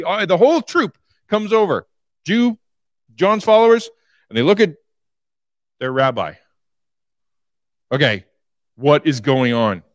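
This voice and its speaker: A male preacher delivering a sermon with a lively, up-and-down delivery and a fairly high voice. He tells the story with animation, and the sound is dry and close. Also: dry recording.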